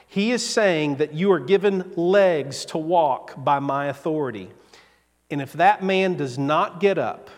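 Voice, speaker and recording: A man preaching a sermon as pastor, slow and deliberate with dramatic pauses. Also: on the high side. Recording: long hall reverb.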